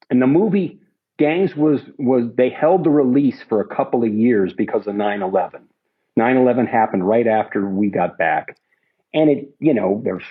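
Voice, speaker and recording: A man's voice: on the low side, breathy edge, phone-quality sound. A middle-aged man, a film crew veteran, telling rambling anecdotes in an interview with lots of restarts and asides. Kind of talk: anecdotal storytelling.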